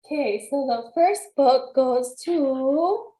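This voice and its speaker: A woman moderating a webinar in a friendly, brisk way. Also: high-pitched, lively intonation, mellow. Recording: echoey room.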